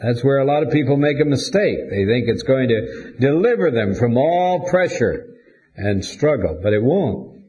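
A man preaching a sermon to his congregation in a measured, deliberate way with pauses. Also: medium pitch, lively intonation, mellow, highs cut off. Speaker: pastor.

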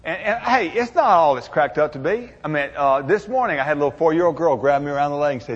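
A man's voice: on the high side, expressive, quick pace, few pauses, muffled recording. Folksy older man in an echoey hall. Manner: folksy, humorous, drawling storyteller. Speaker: motivational speaker. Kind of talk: storytelling speech to an audience.

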